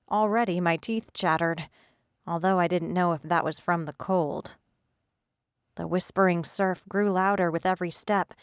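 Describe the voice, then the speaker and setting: A woman reading a first-person audiobook in a steady, scripted storytelling manner. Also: on the low side, clear, resonant tone, no echo, studio quality. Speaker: audiobook narrator.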